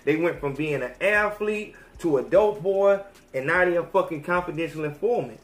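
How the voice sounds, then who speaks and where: A male podcast host on an animated, slangy rant full of swearing. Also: on the high side, moderate pace. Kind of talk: profane rant. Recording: roomy echo.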